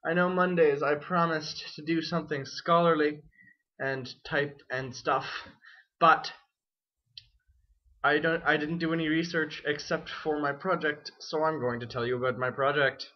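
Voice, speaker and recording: A man's voice: fairly high pitch, steady tone, measured pace. A young man and student, talking in a wry, self-deprecating and rambling way in a casual vlog. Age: young adult. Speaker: student vlogger. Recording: dull lo-fi webcam audio.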